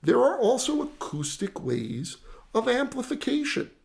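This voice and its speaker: Animated gravelly man explaining sound. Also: extremely high pitch, unhurried. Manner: animated, demonstrates with sound effects, self-mocking dad jokes. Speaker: tech educator. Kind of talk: explainer lesson.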